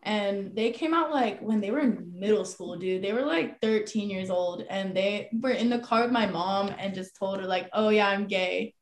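A woman's voice: mid-range voice, normal speed, hardly any pauses. A young woman in casual chat, blunt and slangy, laughing as she tells a family story.

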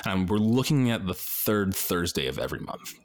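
A man's voice: sits low, very animated, moderate pace, no room sound, studio quality. A man co-hosting a games podcast, chatting casually and signing off the episode. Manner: wraps up the show, laughs easily. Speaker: podcast co-host.

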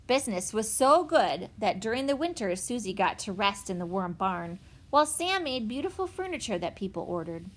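A woman reading a children's chapter book aloud in an expressive, animated way. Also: medium pitch, moderate pace. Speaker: narrator. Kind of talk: storybook read-aloud.

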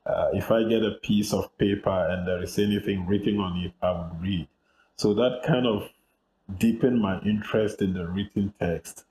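Ghanaian man in his fifties, very low voice, roomy office echo, measured and reflective guest. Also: fairly even intonation, mellow, slight background noise. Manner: measured, reflective, with frequent fillers. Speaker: guest journalist. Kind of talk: interview over a remote call.

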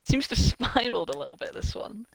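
A man's voice: very high-pitched, sing-song, fast, gravelly, a bit bright, dry recording, poor audio. A young man chatting casually, joking wryly and acting out imagined couples. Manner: wry, joking, playfully acts out imagined people. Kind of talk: casual chat.

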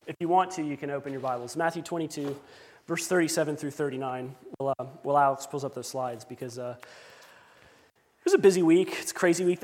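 A man's voice: on the high side, long reverb tail. A man preaching a sermon as pastor, conversational with self-deprecating asides.

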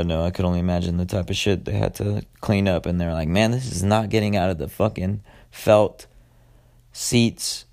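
Low gravelly man rambling profanely. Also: darkish tone. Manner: rambling, profane, frequent filler words. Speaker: podcast host. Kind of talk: casual solo podcast monologue.

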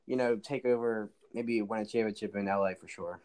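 A man's voice: fairly low pitch, fairly even intonation, brisk, darkish tone. A man guesting on a casual sports chat, opinionated and often restarting his sentences.

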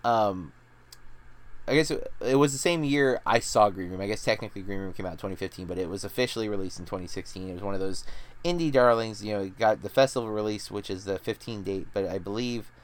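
A man's voice: fairly low pitch, fast talker. A man hosting a movie review podcast, talking in a loose, chatty way full of "like" and restarts. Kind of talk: casual chat.

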